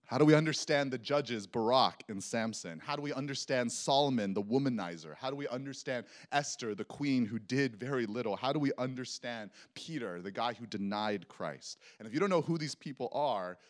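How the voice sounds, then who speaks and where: Lively man preaching a sermon. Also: medium pitch, brisk, hardly any pauses. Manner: animated storytelling, acts out dialogue, laughs at own jokes. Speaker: pastor.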